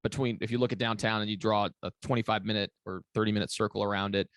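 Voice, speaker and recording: A man's voice: lowish voice, steady tone, fast, a bit bright, dry recording, clean studio sound. A man giving long, rambling interview answers as a commercial real estate broker, with many fillers and restarts. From Kentucky.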